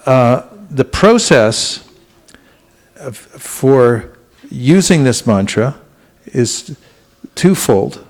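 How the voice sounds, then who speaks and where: A man giving a spiritual talk to a congregation in a temple, speaking gently and unhurriedly, with frequent restarts and questions to his listeners. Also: medium pitch. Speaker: spiritual teacher. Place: temple hall.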